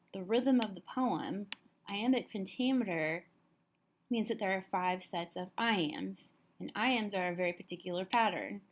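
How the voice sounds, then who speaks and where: A woman teacher calmly walking students through a recorded lesson, explaining step by step, a little tired. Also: medium pitch, slight background noise.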